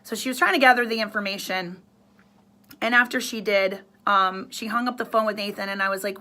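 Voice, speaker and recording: A woman's voice: medium pitch, fairly even intonation, brisk, pushed and bright. A woman in her thirties, a radio host, telling a personal story in an earnest, emotional way.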